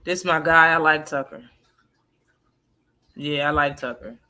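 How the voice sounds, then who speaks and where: A woman's voice: low voice, fairly even intonation, a little slow, sharp tone. A woman hosting a live boxing talk stream in casual, profane chat, laughing often and answering her chat.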